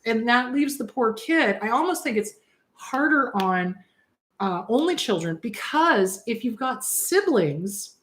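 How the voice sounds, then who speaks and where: A woman's voice: fairly high pitch, expressive, unhurried, a bit bright. A woman therapist hosting a casual advice show, answering viewer questions in a chatty, direct way and repeating words for emphasis. Her voice sounds a little worn out. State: slightly worn-out voice. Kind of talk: casual live advice talk.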